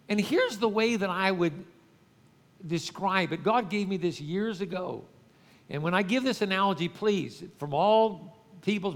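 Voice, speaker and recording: Male pastor, high voice, conversational sermon with call-outs to the congregation, church hall with long reverb.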